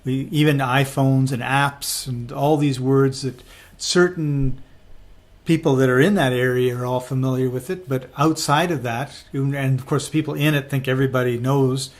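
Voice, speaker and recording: A man in casual conversation, talking in a relaxed, loose and rambling way. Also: mid-range voice, moderate pace.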